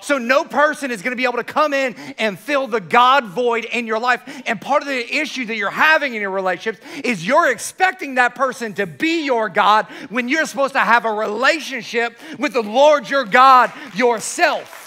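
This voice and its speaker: A man preaching a sermon to his church, animated, often restarting his words. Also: extremely high pitch, a little fast, hardly any pauses. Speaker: pastor.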